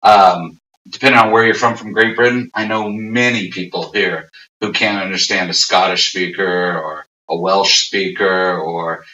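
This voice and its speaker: Deep-voiced American man, rambling interview answers. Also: fairly even intonation, a little slow, bright, forceful tone. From USA. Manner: rambling, many fillers and restarts. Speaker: interview guest. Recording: roomy, distant, dull audio.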